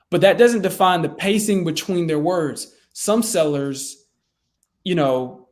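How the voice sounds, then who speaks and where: A man's voice: a little high, lively intonation, unhurried. A man coaching real estate sales in a loose, conversational way with frequent fillers and restarts. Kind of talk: casual teaching talk.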